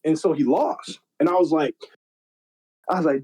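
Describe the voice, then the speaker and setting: A young man in casual podcast chat, telling stories in an animated, slangy, profane way. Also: a little high, normal speed, husky, rough recording. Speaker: podcast guest.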